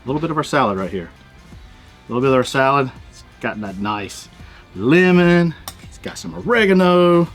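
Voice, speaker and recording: A man's voice: medium pitch, animated, moderate pace, pauses often, faint music behind. A man with a Southern US accent hosting a griddle cooking show, joking in a folksy way. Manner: folksy, joking, drawling sayings. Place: outdoor griddle cooking set.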